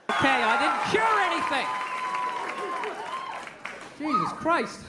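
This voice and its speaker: A man doing a stand-up comedy set, ranting loudly with heavy swearing and shouted impressions. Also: very high voice, fairly quick, big-room sound, heavy background noise. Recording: live club with audience laughter. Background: crowd laughing.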